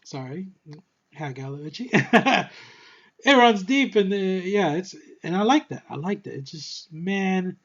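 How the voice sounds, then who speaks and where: A young man giving a rambling, excitable movie review, a little short of breath and swearing freely. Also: high-pitched, a little slow, lo-fi sound. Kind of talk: casual movie review monologue.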